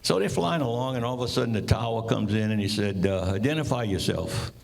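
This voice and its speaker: A man's voice: mid-range voice, expressive, fast talker, gravelly. A man telling folksy Cajun jokes to an audience, drawling and switching into his characters' voices. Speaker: joke teller. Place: live session in front of an audience.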